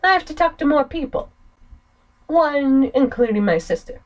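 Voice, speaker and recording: A woman's voice: sits high, sing-song, normal speed, a little mellow, highs cut off. A woman playing a game, making chatty, joking asides. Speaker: gamer. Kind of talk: let's play commentary.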